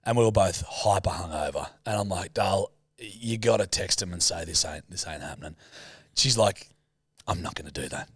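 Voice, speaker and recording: Young Aussie male podcast co-host, low voice, dry close sound, sweary and animated. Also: normal speed, husky, dry recording. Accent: Australian. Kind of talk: casual podcast banter.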